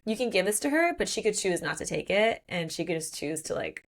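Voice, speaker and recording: A woman's voice: lowish voice, sing-song, brisk, gravelly. A woman co-hosting a book podcast, retelling a plot in casual chat and acting out the characters' lines. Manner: frequent "like" fillers. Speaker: podcast co-host.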